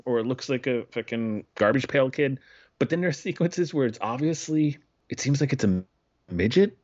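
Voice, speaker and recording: An excitable man co-hosting a podcast, swearing freely and rambling through his thoughts. His voice sits at an average pitch. The sound is dull and lo-fi. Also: normal speed. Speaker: podcast co-host. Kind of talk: casual chat.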